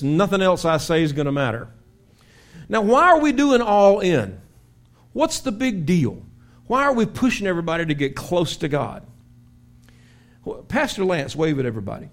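Guy pastor giving a sermon, kinda high voice, tells stories with big swings up and down. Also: moderate pace. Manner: animated storytelling with acted-out shouts. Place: church sanctuary.

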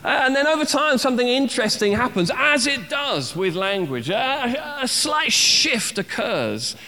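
A man's voice: extremely high pitch, very animated, unhurried, bright, forceful tone, long reverb tail. A man giving a sermon as a pastor, teaching a word study with acted-out cries and repeated phrases.

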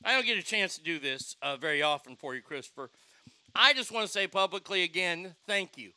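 A man's voice: sits high, animated, fairly quick, bright, forceful tone, faint music behind. A man co-hosting a podcast, bantering loosely about movies with joking, profane asides. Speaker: podcast co-host.

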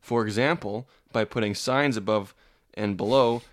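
A man's voice: fairly low pitch, normal speed, no room sound, studio quality. A man co-hosting a comedy podcast, reading odd news stories aloud and swearing in nearly every line. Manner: reads news aloud with constant swearing, lively. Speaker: podcast co-host. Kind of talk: crude comedic banter.

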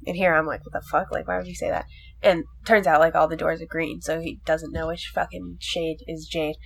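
A woman's voice: sits low, little pitch movement, brisk, creaky, husky. A young woman in casual chat, rambling animatedly through a movie plot, full of swearing and filler words.

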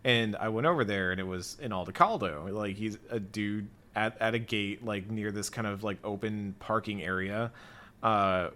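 A man hosting a casual conversation and retelling a game's story in a relaxed way. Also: lowish voice, normal speed. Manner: relaxed, recaps the story at length. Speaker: podcast host. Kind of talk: casual chat.

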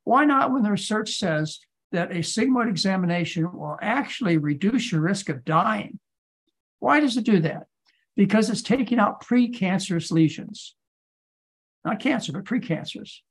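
A man's voice: sits high, lively intonation, moderate pace, husky. A man who is a physician, giving lecture-style answers in a podcast Q&A and pressing his points with insistent rhetorical questions. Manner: emphatic, hammering rhetorical questions.

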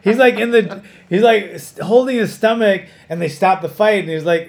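A middle-aged man with a fairly high voice chats on a podcast. He tells stories in an animated, rambling way, full of fillers and restarts. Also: a little fast, vocal fry. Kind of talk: casual chat.

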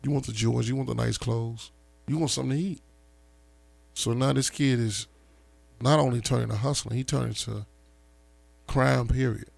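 A man with a deeply gravelly, crackling voice tells neighborhood stories in loose street slang, animated and laughing as he goes. The sound is dry and close, with no room around him. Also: moderate pace, pauses often, no room sound. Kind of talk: casual storytelling chat.

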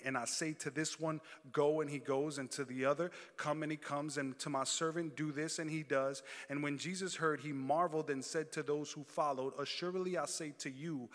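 After reading from scripture, a man preaches back and forth with his congregation in call-and-response. He speaks in a mid-range, fairly bright voice, captured with long hall reverb.

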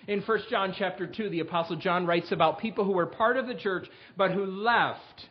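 A man's voice: sits high, fairly quick, few pauses, dull audio. A man preaching a sermon as pastor, speaking earnestly to his congregation and reading scripture aloud with rising emphasis. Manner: earnest, direct address to congregation.

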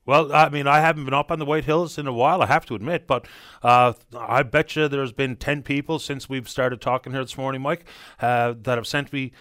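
Call-in radio host, male, from Newfoundland, even explanatory delivery, dry close studio sound. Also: medium pitch, smooth, no room sound. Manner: measured, explanatory.

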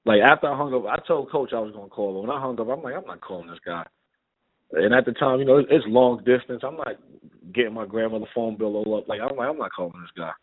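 A man's voice: medium pitch, fast talker, slightly rough. A middle-aged man with a New York accent, a guest telling stories in a casual interview and acting out the dialogue. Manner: animated, acts out dialogue in anecdotes. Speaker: guest, former basketball player. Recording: tinny phone-like line.

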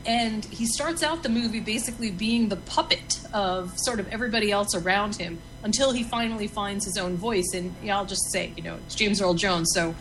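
A woman's voice: mid-range voice, brisk, few pauses, fairly bright tone, a little hiss or hum, poor audio. Enthusiastic woman recommending an old film. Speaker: podcast co-host. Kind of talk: casual movie recommendation chat.

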